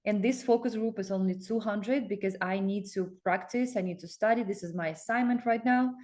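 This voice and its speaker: Excited rambling woman coach. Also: medium pitch, fairly quick. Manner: excited, rambling, with many fillers and restarts. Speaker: coach promoting a focus group. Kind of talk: casual self-promotional talk with screen share.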